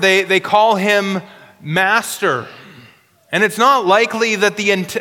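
A man preaching an expository sermon in an earnest way, slowing down for emphasis and often repeating words. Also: sits high, bright, forceful tone, long reverb tail.

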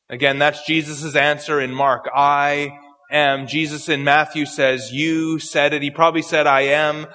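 Man, preacher, high voice, bright tone, teaching through scripture, long hall reverb. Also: steady tone, soft background music. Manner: explains verse by verse, quotes scripture slowly. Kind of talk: expository sermon.

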